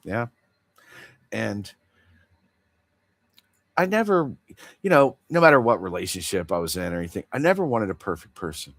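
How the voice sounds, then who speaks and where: A man's voice: fairly low pitch, very animated, normal speed, long pauses, fairly bright tone, no echo. A man hosting a casual livestream chat, rambling in an earnest and confessional way. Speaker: livestream host.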